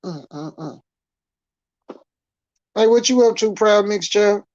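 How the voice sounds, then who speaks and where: A man speaking as a guest on a live stream, blunt and slangy, stating his opinions flatly. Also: sits high, takes it slowly, dry recording. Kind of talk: casual live stream chat. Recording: dry, dull lo-fi call audio.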